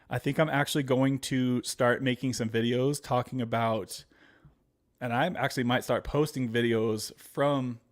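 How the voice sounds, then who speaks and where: A man hosting a livestream in casual chat, rambling through stories and calling his viewers guys. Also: mid-range voice. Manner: rambling, chatty, often addressing viewers as guys; laughs while telling stories. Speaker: livestream host.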